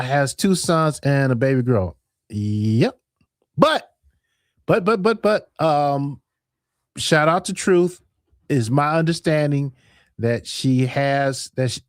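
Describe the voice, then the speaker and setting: A man hosting a livestream in a casual, animated way, laughing often as he reads and answers his viewers' comments. His pitch leaps up and down expressively. The sound is close and dry, with no room echo. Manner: animated, laughs often, talks back to chat. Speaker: livestream host. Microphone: headset or desk mic with earphones.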